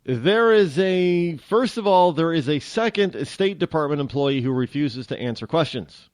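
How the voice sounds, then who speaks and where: A man's voice: on the high side, animated, normal speed, darkish tone, no room sound, clean studio sound. A man from New hosting a radio show, talking in a rambling, joking way that keeps interrupting itself. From New England. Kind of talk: casual talk radio monologue.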